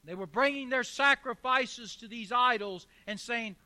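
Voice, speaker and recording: A man's voice: very high-pitched, measured pace, few pauses, pushed and bright. A man preaching a sermon as pastor, emphatic, with rhetorical questions and repeated phrases.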